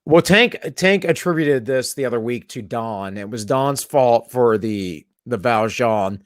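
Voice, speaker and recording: A man's voice: medium pitch, lively intonation, a little slow, no room sound, studio quality. A man hosting a casual chat show, joking around and reading viewer messages aloud. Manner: jokey, reads chat aloud. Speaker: podcast host.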